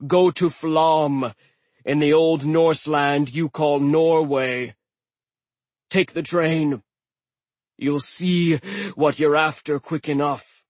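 A man voicing a wounded male stone giant who croaks out slow, spiteful threats in a storybook reading. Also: fairly high pitch, no room sound. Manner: slow, sneering and menacing.

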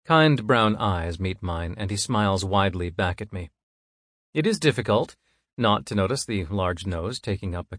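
Male audiobook narrator, measured and even, low pitch, dry booth. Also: dry recording. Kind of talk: first-person scripted narration.

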